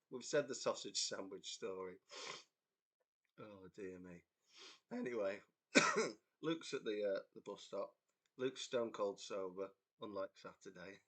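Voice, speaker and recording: A man's voice: fairly low pitch, fairly bright tone. A young English man from a band, chatting casually on a livestream, telling a rambling story with frequent laughter and reading out viewer comments. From England. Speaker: band member hosting a livestream chat. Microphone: computer mic on a livestream.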